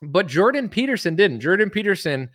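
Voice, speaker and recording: A man's voice: high-pitched, sing-song, fairly quick, fairly bright tone, dry recording. Rambling man mocking politicians, dry close sound. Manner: rambling, filler-heavy, mocking impressions of politicians. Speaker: commentary streamer. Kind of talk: casual political commentary rant.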